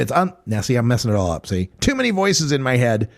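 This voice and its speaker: A man's voice: mid-range voice, big pitch swings, fast talker, vocal fry, hardly any pauses. A man hosting a talk radio show, chatting casually and joking, slipping into impressions. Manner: joking, slips into put-on impressions.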